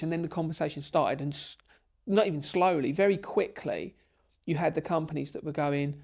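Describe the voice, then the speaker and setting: A man in a podcast interview, telling his story with lively, emotional energy. His voice sits a bit high for a man and has a gravelly fry running through it. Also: brisk. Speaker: podcast guest, bricklaying tutor.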